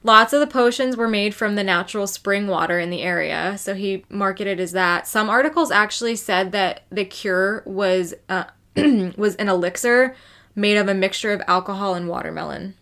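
On a relaxed true crime podcast, a female co-host tells the story loosely and conversationally, swearing freely. She speaks at a moderate pace with an ordinary, middle-level pitch.

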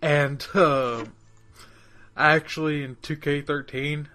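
A man's voice: on the high side, little pitch movement, slow, sharp tone, faint music behind. A man hosting a casual podcast, loose and swearing freely. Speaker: podcast host. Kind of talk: casual chat.

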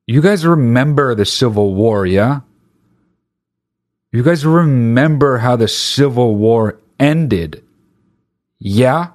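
A comedian doing a stand-up rant, talking in an exasperated, profane and rhetorical way. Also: male voice, mid-range voice, expressive, slow, pauses often, darkish tone.

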